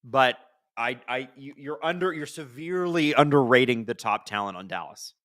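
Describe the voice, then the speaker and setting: A man hosts a casual live hockey watch-along, rambling through viewer questions in a bright, forceful voice. The sound is close and dry, with no room around it. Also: mid-range voice, moderate pace, dry recording. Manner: chatty, rambling, answers chat questions; bursts into excited shouts at big plays. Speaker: hockey livestream host.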